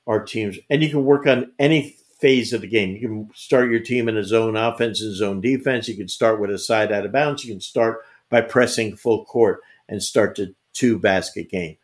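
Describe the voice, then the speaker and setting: A man's voice: lowish voice, moderate pace, few pauses. An older man, a veteran basketball coach, answering interview questions with emphatic anecdotes and frequent restarts. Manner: emphatic, repeats words, tells anecdotes. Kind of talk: conversational interview storytelling.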